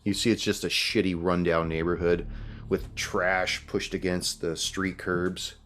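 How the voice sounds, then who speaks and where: Very deep-voiced man running a game. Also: little pitch movement, measured pace, a bit bright, a little hiss or hum. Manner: laid-back descriptive narration with casual fillers. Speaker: game master. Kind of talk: narrating a tabletop horror game.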